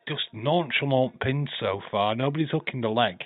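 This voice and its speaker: A tired, stuffy-nosed man hosting a livestream, giving loose wrestling play-by-play with swearing and sudden excited bursts. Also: medium pitch, moderate pace. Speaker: livestream host. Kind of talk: casual wrestling watch-along commentary. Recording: thin phone-like sound.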